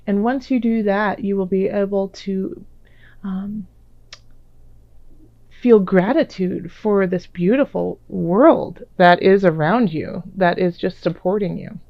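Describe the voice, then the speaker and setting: A woman doing a tarot reading in a casual, gentle, reassuring way, with many fillers. Her voice is a little raspy while it recovers. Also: medium pitch, slow pace, no echo, highs cut off. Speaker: tarot reader. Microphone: own microphone.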